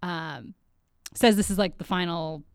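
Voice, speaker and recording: A woman's voice: on the low side, measured pace, clean tone, dry recording, studio quality. A woman co-hosting a podcast, recapping a TV episode in casual chat and laughing often. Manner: giggly, laughs often between lines. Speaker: podcast co-host.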